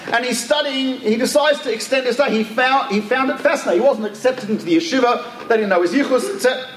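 A man's voice: very high-pitched, fast talker, fairly bright tone. A man telling a story in a lecture, talking casually with asides and restarts. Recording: echoey room with faint ambient noise.

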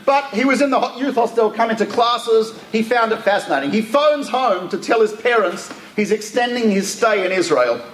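A man's voice: sits high, normal speed, hardly any pauses. A man telling a story in a lecture, talking casually with asides and restarts. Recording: echoey room with faint ambient noise.

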